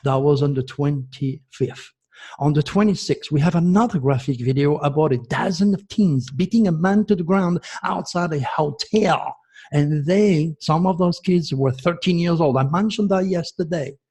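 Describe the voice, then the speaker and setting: Host, male, fiery ranting monologue, raised pitch, gravelly and husky tone. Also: moderate pace, darkish tone. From France. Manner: passionate, ranting, emotional. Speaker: astrology show host. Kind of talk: impassioned video monologue.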